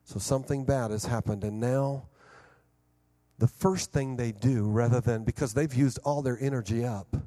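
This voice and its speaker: A middle-aged man preaching a sermon, telling stories with lively sound effects and restarts. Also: mid-range voice, normal speed. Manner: animated storyteller who acts out scenes with vocal sound effects; repeats and restarts words in bursts. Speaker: pastor. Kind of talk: sermon with storytelling.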